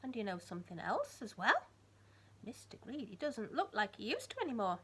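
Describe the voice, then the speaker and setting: Woman teacher, lively children's story read-aloud, whisper-to-loud swings, faint hum behind. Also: on the high side, a little fast. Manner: animated, swinging between hushed whispers and loud emphasis.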